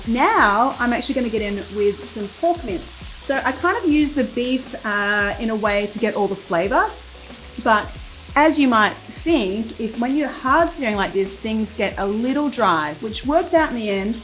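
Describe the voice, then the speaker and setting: A woman hosting a casual cooking demonstration, chatting through each step as she cooks in a kitchen. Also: mid-range voice. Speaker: cooking show host. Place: home-style kitchen, cooking at the stove. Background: sizzling pan and soft music.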